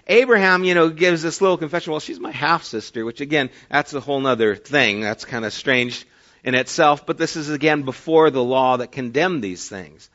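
A man preaching a sermon as pastor, telling stories and swinging between loud emphatic lines and quiet, low ones. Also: normal speed, muffled recording.

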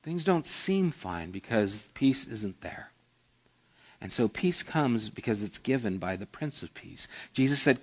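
Brief: a man preaching, mid-pitched and earnest, storytelling tone, muffled recording. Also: very animated, measured pace. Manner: earnest, conversational preaching with anecdotes. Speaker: pastor. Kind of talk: sermon.

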